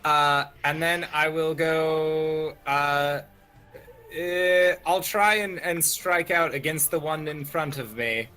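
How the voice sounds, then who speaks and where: A man with a bright, tense voice sits a bit high in pitch as a tabletop player. He speaks slowly, pausing on fillers while he works out his character's action. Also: steady tone, clean tone, faint music behind. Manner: slow, hesitant with fillers.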